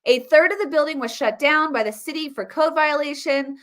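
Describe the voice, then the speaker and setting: A woman's voice: high-pitched, brisk. A woman in her thirties hosting casual solo political commentary, emphatic and conversational with frequent restarts and fillers.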